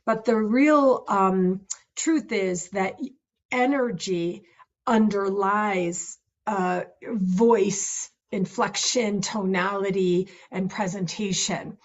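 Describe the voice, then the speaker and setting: A middle-aged woman coach talks at an unhurried pace in a casual, heartfelt advice style. She sounds enthusiastic and laughs easily. The recording is slightly dull and lo-fi. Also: medium pitch. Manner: warm, earnest and enthusiastic, laughs often. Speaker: confidence speaking coach.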